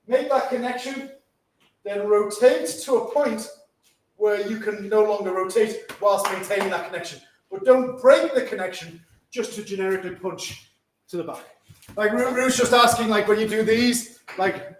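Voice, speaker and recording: A man's voice: high-pitched, slight background noise. A man teaching a karate class, giving instructions and checking in with a frequent "yeah?". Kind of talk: teaching a martial arts class. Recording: echoey room from a distance.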